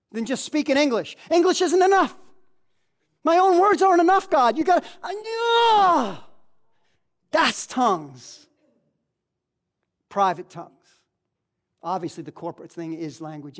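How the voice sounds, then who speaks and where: With real passion, a woman preaches a sermon in which certain key lines keep returning. Her delivery moves from forceful, loud cries down to soft, hushed remarks.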